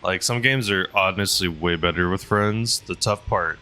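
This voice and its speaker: A man's voice: sits low, normal speed, noisy background. A man streaming a game, chatting casually with viewers and laughing often. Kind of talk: casual gameplay commentary to chat.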